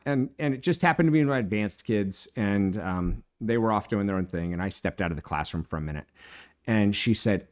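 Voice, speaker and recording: Lively, storytelling man teacher. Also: fairly low pitch, normal speed. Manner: animated storyteller, acts out quoted dialogue. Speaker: teacher podcast co-host. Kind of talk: casual storytelling chat.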